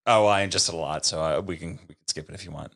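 A man guesting on a podcast in casual chat, teasing the hosts and rattling off lists quickly. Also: low voice, vocal fry, a bit bright.

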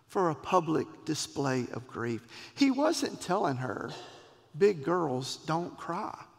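A man preaching a sermon, expressive, with dramatic pauses and voiced quotes. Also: sits high, vocal fry, long reverb tail. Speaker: pastor.

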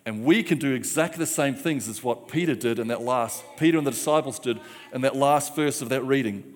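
A man's voice: medium pitch, a little fast. A man preaching a sermon, rousing the congregation with repeated call-and-response phrases. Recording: long church hall reverb.

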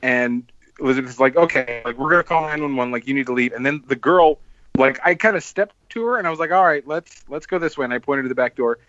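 A man in casual podcast chat, spinning a long story full of fillers and curses. He leaps up in pitch when he acts out what others said. The recording is dry and a bit dull. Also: quick pace, fairly bright tone, no echo. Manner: rambling, swears often, acts out quotes with big pitch jumps. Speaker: podcast host.

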